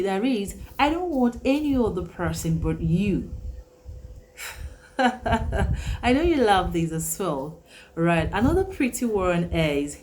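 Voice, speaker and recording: A woman teaching an English vocabulary lesson, repeating each phrase slowly and with emphasis. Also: medium pitch, very animated, a little mellow, a little hiss or hum, rough recording.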